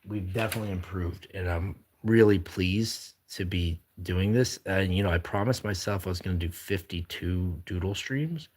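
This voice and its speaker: Streamer host, male, deep husky voice, loose rambling chat while drawing, reads comments aloud. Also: normal speed, few pauses, a little mellow. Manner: reads viewer comments aloud and chats back.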